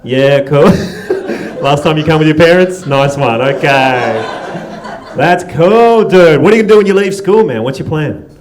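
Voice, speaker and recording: An Australian man emcees a stand-up comedy night from a club stage, his voice pitched on the high side, animated, and a little slow. He works the crowd loosely, swearing, teasing audience members, and laughing often between lines.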